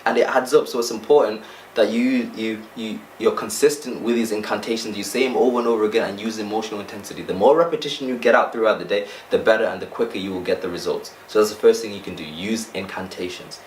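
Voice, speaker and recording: A man's voice: on the low side, fast, roomy sound, recorded from a distance, slight background noise, rough recording. A young man giving an earnest motivational talk to camera, often checking in with "right?". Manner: earnest, repeats points with "right?" and "okay?". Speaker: self-help vlogger.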